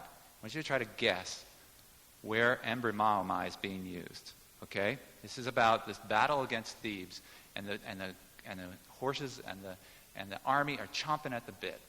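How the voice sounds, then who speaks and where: A man's voice: on the low side, creaky, sharp tone, in a large hall. A man preaching a sermon, teaching in an emphatic way and explaining Greek words to the congregation. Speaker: pastor.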